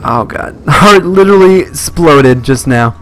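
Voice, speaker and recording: A man's voice: fairly high pitch, lively intonation, measured pace, fairly bright tone. A young man commentating a live horror game stream, jumpy and swearing at scares. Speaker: let's play streamer.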